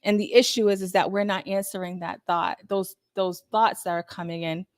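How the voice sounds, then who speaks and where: A woman's voice: mid-range voice, fairly even intonation, moderate pace, no echo, clean studio sound. A woman therapist giving a casual, upbeat self-help talk that is full of asides and acted-out quotes of people's thoughts.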